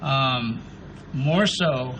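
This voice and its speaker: A man's voice: mid-range voice, very slow, fairly bright tone, a little hiss or hum, poor audio. A veteran in his fifties speaking at a memorial ceremony, humble, a little nervous and emotional. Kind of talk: ceremony speech.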